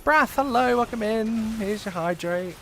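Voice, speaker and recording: Chatty streamer guy, lively pitch. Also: moderate pace, slight background noise. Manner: rambling, swears freely, chatty asides to viewers. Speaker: game streamer. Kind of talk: casual live-stream chat.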